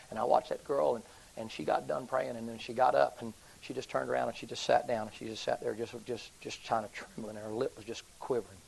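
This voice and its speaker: Gravelly preacher telling a story. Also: male voice, fast, poor audio. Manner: animated storytelling, swings from hushed to loud and high. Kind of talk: sermon storytelling.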